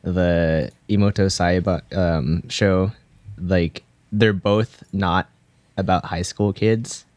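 Slow, smooth-voiced young man. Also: low voice, fairly even intonation, a little mellow, no room sound. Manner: slow, hesitant, laughs at his own jokes. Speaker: podcast co-host. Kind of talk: casual chat.

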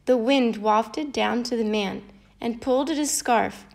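A woman reads a children's fable aloud, slowly and expressively. Her voice sits a touch high and lilts with the story. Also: creaky. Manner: expressive, lilting read-aloud. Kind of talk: storybook narration.

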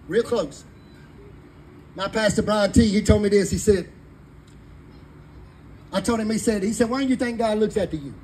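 A man's voice: sits high, slight background noise, low-quality recording. A man, preaching fervently in a sermon to a live congregation. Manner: fervent preaching in Southern vernacular. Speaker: pastor.

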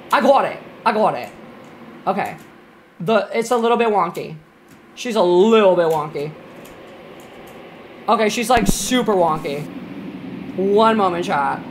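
A woman's voice: mid-range voice, slight background noise. A young woman live-streaming a game, chatting with her chat, a little tipsy, swearing and shrieking when startled. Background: game music.

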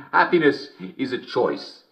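A man's voice: medium pitch, vocal fry, fairly bright tone, exaggerated voice. An actor playing a jovial, middle-aged English TV host who chuckles between lines with a smarmy showman delivery, in a scripted game broadcast. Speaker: TV and radio host.

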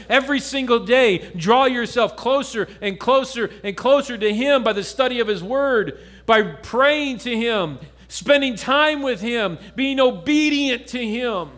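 Pastor, male, high voice, earnest sermon delivery that drops soft and low for stories. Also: moderate pace, hardly any pauses. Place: church.

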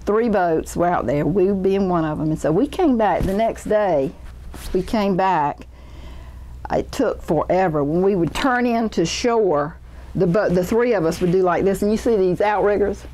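A woman's voice: mid-range voice, normal speed, mellow, low-quality recording. A woman telling a chatty story about shrimping in an interview. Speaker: former shrimper.

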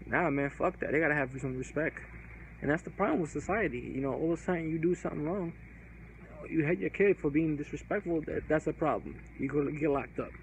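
A man's voice: fairly high pitch, fast talker, slight background noise, poor audio. A man ranting to his viewers in a casual vlog, angry and profane, repeating himself as he vents. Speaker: vlogger.

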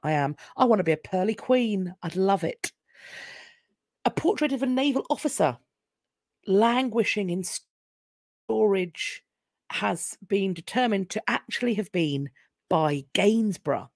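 A woman's voice: mid-range voice, expressive, unhurried, pauses often, darkish tone, dry recording, clean studio sound. A woman with a London accent hosting a casual history live stream, chatty and wry, often breaking off and restarting her sentences. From England. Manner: chatty, wry and self-interrupting. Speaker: history channel host.

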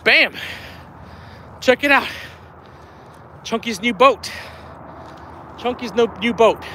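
A man streaming a live fishing vlog outdoors on a riverbank, out of breath, excited and laughing often. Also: very high-pitched, takes it slowly, a little hiss or hum. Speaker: fishing vlogger.

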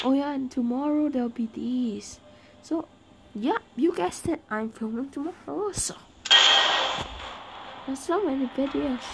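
A high-voiced woman chatters through her gameplay, reacting loudly to every twist. Her voice has a gravelly, fry-laden edge. Loud game music plays behind her. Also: poor audio. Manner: excitable, exclaims at the game. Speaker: gaming video creator. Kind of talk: casual gameplay commentary. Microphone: computer microphone.

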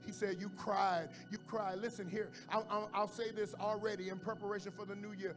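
A male pastor preaching in church, moving from hushed tones to shouts and repeating phrases for emphasis. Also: high voice, flat delivery, a little fast, hardly any pauses. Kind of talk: sermon. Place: church sanctuary with congregation. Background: music playing under the preaching.

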